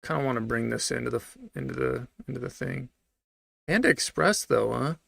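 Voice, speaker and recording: Gravelly, blunt man reacting to clips. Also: mid-range voice, fairly quick, fairly bright tone, dry recording, studio quality. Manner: blunt, sarcastic, swears freely. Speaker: streamer reacting to videos. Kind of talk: casual reaction commentary.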